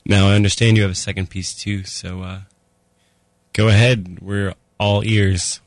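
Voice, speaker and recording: A man's voice: on the low side, level tone, unhurried, no echo. A man hosting a radio show, introducing a guest and wrapping up the program in a plain, friendly manner.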